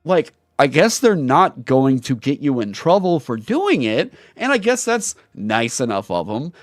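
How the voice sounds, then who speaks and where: A man's voice: medium pitch, big pitch swings, a little slow, no room sound, clean studio sound. A man on his own channel delivering an angry commentary rant, heated, profane and emphatic. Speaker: YouTuber and streamer.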